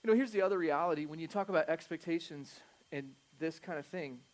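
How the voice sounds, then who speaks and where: A middle-aged male pastor preaches in a conversational, joking style, swinging between loud emphasis and quiet asides. He talks fast and at a fairly high pitch.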